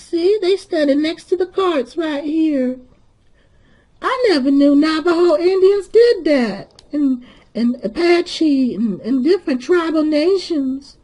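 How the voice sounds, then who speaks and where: Man doing a very high-voiced sassy church lady. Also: a little mellow, heavily acted. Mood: mock admiring. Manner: drawling, calls everyone honey, sarcastic. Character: sassy sharp-tongued churchgoing woman. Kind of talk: comedic character monologue.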